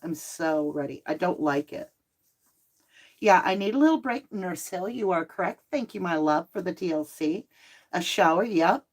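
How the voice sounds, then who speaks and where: Middle aged lady doing a chatty livestream, bit low voice, talks back to the chat. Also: moderate pace, slightly rough. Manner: chatty, reads out viewer comments. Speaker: livestream host.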